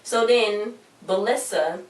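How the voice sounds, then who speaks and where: A woman's voice: mid-range voice, slow. A woman rambling through a casual TV recap with slangy, exasperated asides. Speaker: TV episode reviewer. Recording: roomy echo, distant mic, faint hiss.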